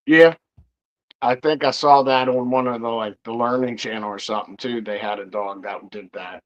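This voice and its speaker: A man's voice: mid-range voice, fairly even intonation, normal speed, lo-fi sound. A man co-hosting a casual chat in easygoing, self-deprecating banter.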